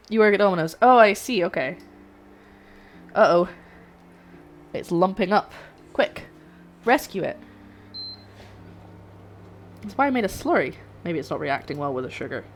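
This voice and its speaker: A woman's voice: fairly low pitch, animated, unhurried, pauses often, a little hiss or hum. A young woman streaming herself cooking, chatting and rambling to her viewers while she works in her home kitchen. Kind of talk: live-stream cooking chat. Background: faint background music.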